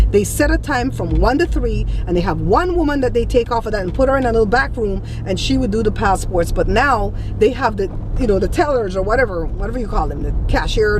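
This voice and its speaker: A woman vlogger telling a story in a casual, animated way, indignant and blunt. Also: a little high, background noise.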